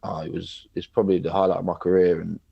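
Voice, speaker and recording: Young male guest, low voice, laid-back storyteller who keeps saying "like". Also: fast, vocal fry, husky, highs cut off. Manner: relaxed, rambling, lots of "like". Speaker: podcast guest, footballer. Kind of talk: casual interview chat.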